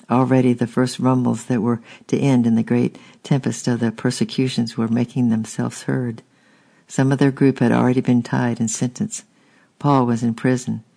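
A man's voice: medium pitch, gravelly, mellow. A man narrating a storybook steadily and unhurriedly, with small restarts. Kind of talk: audiobook narration.

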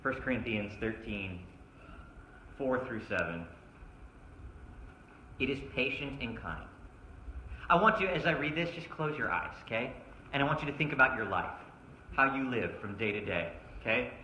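A man's voice: mid-range voice, animated, normal speed, long pauses, pushed and bright, a little hiss or hum. A man preaching a sermon at a church service, emphatic and asking his listeners one rhetorical question after another. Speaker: pastor. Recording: roomy echo.

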